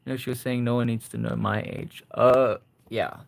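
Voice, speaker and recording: A young man hosting a casual livestream, reading viewer comments and gently encouraging them. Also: medium pitch, little pitch movement, normal speed, creaky. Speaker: livestream host.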